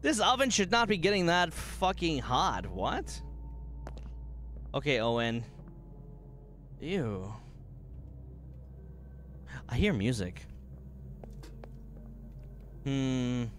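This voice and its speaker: Excitable man streamer with a swooping voice. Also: very slow, pauses often, slight background noise. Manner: excitable, swears, jumps to sudden high shouts and laughter. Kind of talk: gaming livestream commentary.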